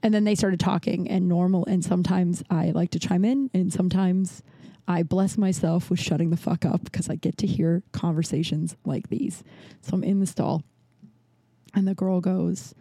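Chatty, swearing woman storyteller with a mellow voice. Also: fairly low pitch, fairly even intonation, normal speed, dry recording. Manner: chatty, swears freely, acts out quoted voices. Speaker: podcast host. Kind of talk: casual storytelling monologue.

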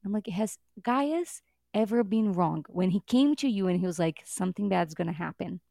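A woman co-hosting a podcast in casual chat, animated and exasperated, swearing now and then and laughing as she talks. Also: mid-range voice, normal speed, creaky, dry recording, studio quality. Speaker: podcast co-host.

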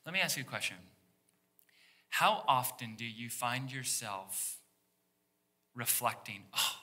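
A man's voice: mid-range voice, big pitch swings, unhurried, pushed and bright, breathy edge. A man preaching a sermon as pastor, in a conversational way that acts out the voices of the people in the story. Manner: conversational, acts out quoted voices of biblical figures. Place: church sanctuary.

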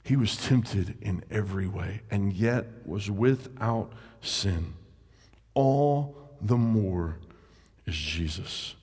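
A man preaching a sermon as a pastor. He draws his words out and lets key lines sink to a near hush. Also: fairly low pitch, animated, husky. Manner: slow, drawn-out delivery that sinks to a hush on key words. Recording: reverberant hall.

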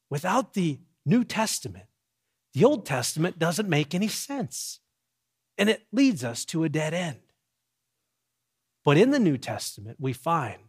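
A man, a pastor with young kids, preaching a sermon with emphatic, measured delivery and dramatic pauses. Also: sits high, a bit bright.

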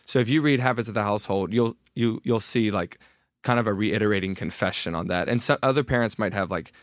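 A man in his thirties talks as a podcast guest in a casual, candid way, often restarting his sentences and poking fun at himself. His voice sits on the low side. The sound is dry and close, with no room around it. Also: quick pace, dry recording. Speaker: author and guest.

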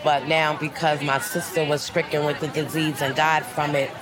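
A woman's voice: low voice, flat delivery, normal speed, rough recording. A woman at a charity run, speaking plainly and from the heart. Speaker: run participant. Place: outdoor charity run in a park. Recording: crowd noise outdoors. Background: crowd chatter.

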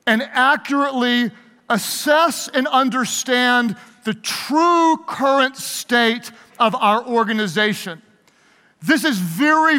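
A male pastor with a very high-pitched, pushed, bright voice gives a leadership talk to a live audience in a large hall. He's playful and emphatic, leading the crowd in call-and-response, and a long hall reverb trails his words.

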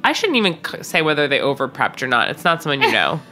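A woman's voice: low-pitched, sing-song, fast talker, pushed and bright, soft background music. A young woman co-hosting a podcast, chatting casually and joking, with lots of "like" fillers. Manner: chatty, jokey, many fillers. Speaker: podcast co-host. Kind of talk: casual chat.

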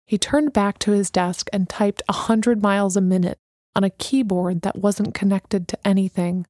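A woman narrating an audiobook in a steady, measured reading. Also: medium pitch, no room sound, clean studio sound.

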